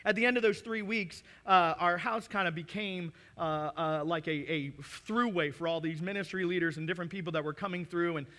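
Animated, bright-voiced male preacher. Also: high voice, fairly quick, hardly any pauses. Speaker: pastor. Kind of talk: sermon.

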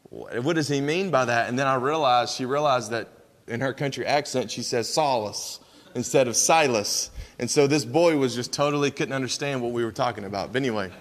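A man's voice: medium pitch, long reverb tail. A young man with an East Tennessee accent, speaking as a missionary in a church and telling stories in a folksy way, with frequent restarts. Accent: East Tennessee Southern. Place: church sanctuary.

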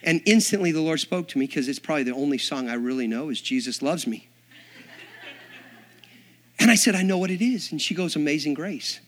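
A man preaching, a minister telling a story with acted-out dialogue and big swings from hushed asides to shouting. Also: fairly high pitch, lively intonation, fairly quick. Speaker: Assembly of God minister. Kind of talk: storytelling sermon.

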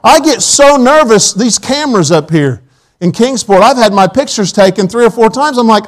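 High-voiced man preaching a folksy sermon. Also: lively intonation, moderate pace, rough recording. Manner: folksy storytelling with quoted asides. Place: church auditorium.

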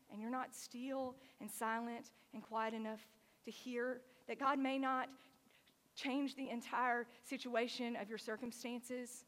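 Woman preacher with a long hall echo. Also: on the high side. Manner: animated storytelling with frequent "like". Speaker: pastor. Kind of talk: sermon.

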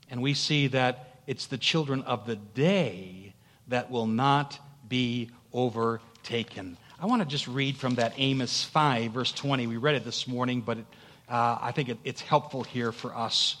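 A man preaching a sermon as pastor, emphatic, swelling to loud peaks and stumbling through fillers. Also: mid-range voice, a little slow. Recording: long hall reverb.

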